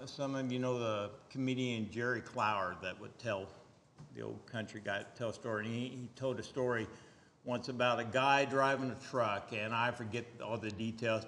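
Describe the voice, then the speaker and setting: A man preaching a sermon, emphatic, swinging from loud stressed lines to quiet asides. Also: medium pitch, big-room sound, slight background noise.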